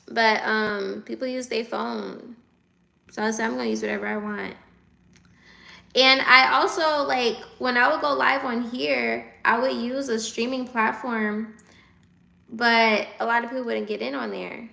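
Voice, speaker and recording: Woman, 20s, livestreamer, casual chat, reads comments aloud, slow, slightly high, phone mic. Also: steady tone, gravelly, pushed and bright. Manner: chatty, reads viewer comments aloud and answers them.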